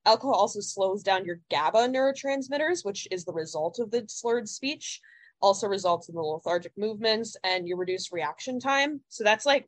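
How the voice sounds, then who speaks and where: A young woman in her twenties chats casually as a podcast co-host. She fills her sentences with "like" and drops the odd swear word. Her voice sits at a mid pitch and sounds close and dry. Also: dry recording. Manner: chatty, heavy use of "like", casual swearing. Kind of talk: casual chat.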